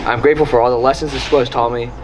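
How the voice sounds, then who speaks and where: A young man in his late teens giving a prepared, formal speech as a graduating student, brisk and earnest. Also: mid-range voice, fairly even intonation, noisy background.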